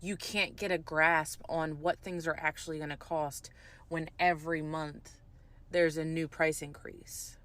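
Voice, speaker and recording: A woman's voice: low-pitched, little pitch movement, unhurried, fairly bright tone. An American woman speaking emphatically with frustration, swearing and apologizing for it. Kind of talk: frustrated monologue clip.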